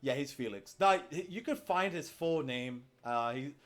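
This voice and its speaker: A man's voice: on the high side, lively intonation, moderate pace. A young man from the United States hosting a podcast, chatting casually in a rambling way with lots of fillers. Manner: rambling, many fillers and restarts. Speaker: podcast host. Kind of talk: casual chat.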